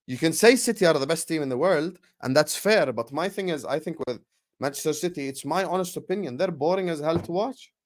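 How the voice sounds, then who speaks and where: A young man hosting a live football watchalong, chatting with viewers and calling the play with slangy, excitable banter. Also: fairly high pitch, brisk. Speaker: watchalong streamer.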